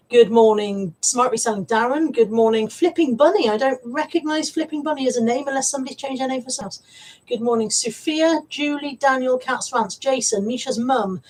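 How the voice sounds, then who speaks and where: A woman's voice: high-pitched, a little mellow. A woman hosting a casual live stream from home, greeting viewers by name in a chatty way. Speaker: live stream host, reseller. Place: home room.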